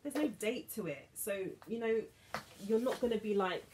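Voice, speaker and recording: A woman in her late thirties chats casually through a shopping haul, giggly and quick to get emotional. Her voice sits in a middle pitch and has an everyday, unpolished sound. There is a faint hiss of room noise behind her. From England. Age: 30s. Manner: chatty, giggly, emotional asides. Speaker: vlogger.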